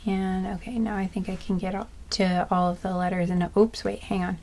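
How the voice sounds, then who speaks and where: A woman doing a slow, soft-spoken pick-a-card reading, listing charms one by one with small asides. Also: mid-range voice, flat delivery, slight background noise. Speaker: tarot card reader.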